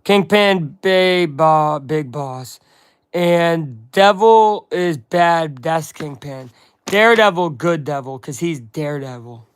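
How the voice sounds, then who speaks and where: A man's voice: on the high side, lively intonation, slow, clear, resonant tone, dry recording, clean studio sound. A man chatting casually on a live stream, reading a comic aloud and breaking off for asides to viewers.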